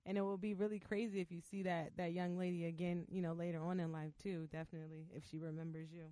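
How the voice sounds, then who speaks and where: A woman's voice: lowish voice, level tone, quick pace, mellow, no echo. A woman interviewing a guest, affirming and conversational in a casual chat.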